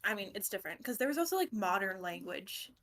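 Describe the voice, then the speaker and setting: A woman's voice: medium pitch, big pitch swings, quick pace, a bit bright. A young woman chatting casually as a book club podcast co-host. She rambles, laughs often and drops swear words without thinking about it. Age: young adult.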